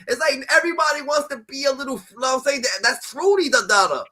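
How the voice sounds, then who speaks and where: A man hosting a stream, rambling in casual street talk with lots of fillers and sudden loud outbursts. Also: very high voice, quick pace, hardly any pauses. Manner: rambling, animated, filler-heavy, slips into loud impressions. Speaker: stream host.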